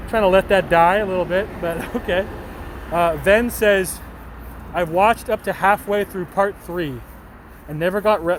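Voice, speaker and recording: A man with a slightly high voice chats loosely with his viewers, rambling and poking fun at himself. Faint traffic hums behind him outdoors. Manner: chatty, rambling, self-deprecating, swears casually. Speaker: streamer reading chat. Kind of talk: casual chat with viewers.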